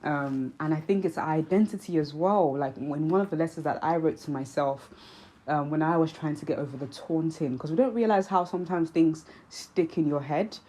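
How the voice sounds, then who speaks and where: A young woman vlog host with a Nigerian accent touched by British speech, talking to camera in an earnest, reflective way with many pauses and ums. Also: low-pitched, warm tone, poor audio. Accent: Nigerian with British influence. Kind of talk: casual commentary to camera.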